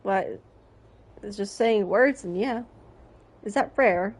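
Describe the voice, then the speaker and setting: A young adult woman giving casual gameplay commentary, chatty and excitable, often talking to herself. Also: medium pitch, slow, background noise. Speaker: streamer.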